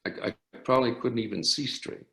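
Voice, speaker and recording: An older man, an orchestra conductor, telling animated anecdotes in an interview with frequent restarts. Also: mid-range voice, a little fast, gravelly. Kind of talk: storytelling interview. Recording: roomy echo.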